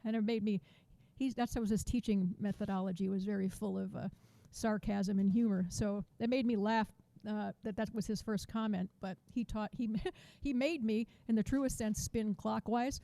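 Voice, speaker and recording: A woman teaching a drum masterclass over a video call, chatty and counting beats out loud. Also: mid-range voice, fairly even intonation, normal speed, vocal fry, hardly any pauses. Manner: chatty, restarts sentences, counts beats aloud.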